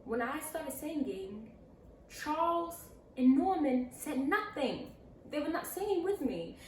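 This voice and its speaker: Young female vlogger, animated storyteller, higher voice, echoey room. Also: takes it slowly. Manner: animated, chatty, acts out quoted voices. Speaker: vlogger answering viewer questions. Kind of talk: casual storytelling Q&A. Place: indoors at home, seated with a pillow. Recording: echoey room, mic at a distance, faint hiss.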